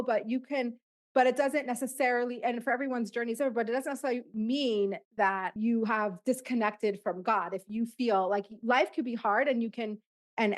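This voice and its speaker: A woman hosting a podcast who asks thoughtful, reflective questions in casual conversation. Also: fairly high pitch. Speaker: podcast host. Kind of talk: casual interview chat.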